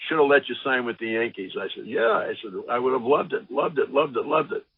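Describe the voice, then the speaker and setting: An older former ballplayer telling lively anecdotes in an interview, acting out the voices of the people he quotes. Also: medium pitch, a little fast, husky, no echo. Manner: animated anecdotes, acts out quotes. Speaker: former baseball pitcher, guest. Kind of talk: storytelling interview. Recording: dry, phone-like line.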